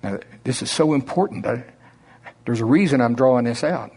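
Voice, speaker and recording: A man with an Oklahoma accent preaching a sermon in a slow drawl, with emphatic rises and drops. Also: medium pitch, a little mellow, slightly rough.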